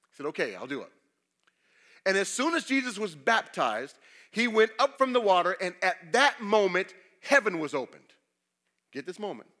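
Male pastor, sermon delivery, bright high-ish voice, rhetorical questions, big swings in loudness. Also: very animated, moderate pace, long pauses. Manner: preaching with sweeping shifts between loud emphasis and quiet confession; asks the congregation rhetorical questions.

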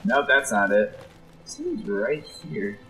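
A young man playing a game and talking through it, jokey and excitable, his voice swinging up and down with every surprise. His pitch sits in a middle register, and a faint hiss runs under the recording. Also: measured pace. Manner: excitable, jokey, often does silly voices for enemies. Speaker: gameplay commentator. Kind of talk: let's play commentary.

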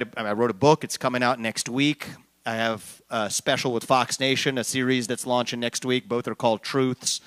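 A man's voice: medium pitch, a bit bright. A man hosting a town hall meeting, answering questions fluently with jokey asides and a rallying close. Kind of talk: public town hall remarks.

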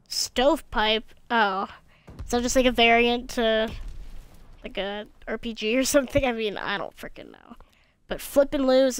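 A woman's voice: fairly high pitch, clear, resonant tone. A young woman with a slight lisp giving casual, tired and cranky commentary over her own gameplay, talking into a gaming headset. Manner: tired and cranky, mumbling asides to self. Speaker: gaming video creator.

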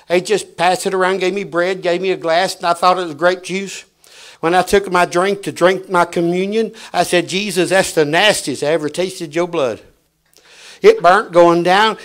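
A middle-aged preacher with a fairly high voice tells stories from the pulpit in a dramatic, anecdote-filled sermon. He swings from a hush to a shout as he goes.

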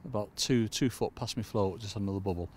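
A man's voice: fairly low pitch, brisk, a little mellow, slightly rough. A man giving a casual fishing tutorial outdoors at a lakeside, chatting away and calling his listeners "folks". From United Kingdom. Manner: chatty, keeps addressing "folks". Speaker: angling coach. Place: lakeside outdoors in cold weather.

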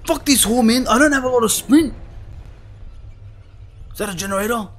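A young man playing a horror game, swearing and panicking as he yells at the screen. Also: very high voice, normal speed, pauses often. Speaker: gaming YouTuber. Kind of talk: horror game let's play.

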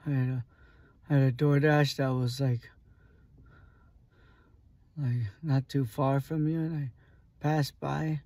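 A man recording a soft, halting late-night video diary while grieving and worn out. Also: medium pitch, level tone, no echo. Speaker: vlogger. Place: small private sleeping area, indoors.

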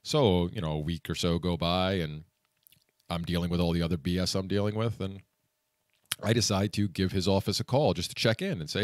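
In a dry, studio-quality recording, a man with a low voice speaks at a moderate pace. He's vlogging a frustrating personal story, venting and rambling with lots of "you know" fillers.

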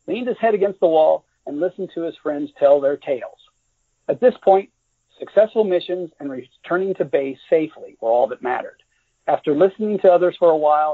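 A man, the author, reading his novel aloud in a measured, even way. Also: fairly high pitch, gravelly, breathy edge. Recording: dry, tinny phone-like audio.

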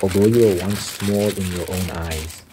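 A man reading the lines of a stern old male prophet rebuking a king, in a solemn, measured ASMR scripture reading. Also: low-pitched, fairly even intonation, noisy background, natural voice.

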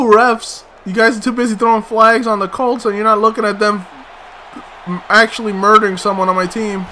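A man's voice: sits high, sharp tone, slight background noise. A man commenting on his own gameplay, muttering to himself, swearing in frustration and breaking into sudden outbursts. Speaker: let's play host.

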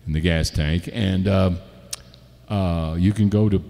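Male musician-host, lowish voice, casual and joking, halting delivery, reverberant home room, faint guitar behind. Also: steady tone, creaky, dark tone. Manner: easygoing and joking, with frequent "uh" pauses. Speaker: musician hosting a live-stream show. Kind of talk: casual live-stream chat. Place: home setup, not a studio.

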